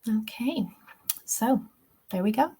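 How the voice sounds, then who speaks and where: A woman's voice: on the high side, lively intonation, slow pace, warm tone, slightly rough. A young woman with an Irish accent teaching a webinar lesson, explaining step by step and often checking in with "okay?". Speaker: TEFL teacher.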